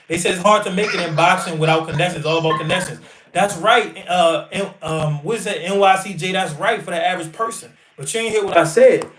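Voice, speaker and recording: A man's voice: sits high, fairly quick, fairly bright tone, reverberant, a little hiss or hum. A man, a boxer hosting a livestream, talking bluntly and boastfully with lots of swearing. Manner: boastful, blunt, profane trash talk. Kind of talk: casual livestream talk.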